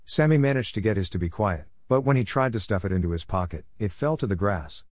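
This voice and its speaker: A man narrating a first-person story in a calm, measured, patiently firm way. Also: lowish voice, dry recording.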